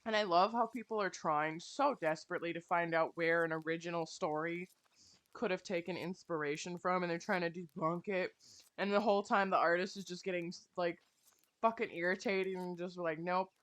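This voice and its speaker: A woman's voice: fairly low pitch, a little fast. Swearing, exasperated young woman ranting. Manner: swears a lot, animated and exasperated. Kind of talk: casual rant while playing a game.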